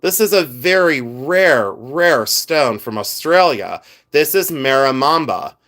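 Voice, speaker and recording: With a medium-pitched voice and an unhurried pace, a middle-aged man runs a live stream where he chats to viewers and displays jewelry. He's animated and rambling, wandering into many asides.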